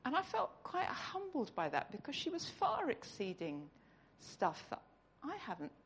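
A woman with a high-pitched voice speaks a little slowly, her pitch swinging widely. As a church speaker she gives an earnest, conversational sermon that ends in tears.

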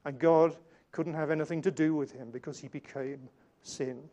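A man preaching a sermon in an earnest way, slowing down and changing his volume to stress key points. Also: a little high, steady tone, warm tone, dull audio. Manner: earnest, varies volume for emphasis, slows on key lines.

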